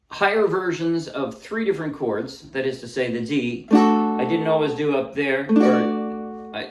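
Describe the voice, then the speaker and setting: A man casually teaching a ukulele song, explaining chords and strums and singing short bits as he plays. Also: mid-range voice. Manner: relaxed, explains while playing, sings short snippets. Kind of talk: casual music tutorial. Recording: roomy echo, voice a bit far from mic, loud ukulele. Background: ukulele playing.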